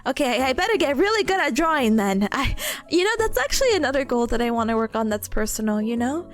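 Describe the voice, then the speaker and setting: Young female streamer, very lively high voice, giggly and stammering, casual chat over soft background music. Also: quick pace. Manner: bubbly, giggly, stammering, squeals with excitement.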